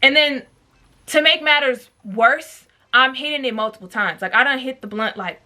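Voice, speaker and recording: Young woman, storytime vlogger, bright voice, slightly high, slangy, chatty, talks to viewers. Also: normal speed. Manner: chatty and slangy, constant fillers, addresses viewers directly. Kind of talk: casual storytime vlog.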